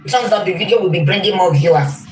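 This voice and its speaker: A woman's voice: on the low side, quick pace, darkish tone. Woman ranting on a live, insulting, roomy echo, faint hiss. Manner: scolding, insulting, repetitive. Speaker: rival online commentator. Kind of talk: clip of a livestream rant. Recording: echoey room with faint noise.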